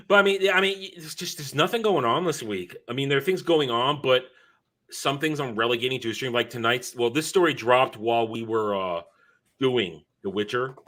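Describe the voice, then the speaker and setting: A man's voice: medium pitch, moderate pace, bright, forceful tone. A tired man hosting his own live stream, chatting casually and rambling as he corrects himself.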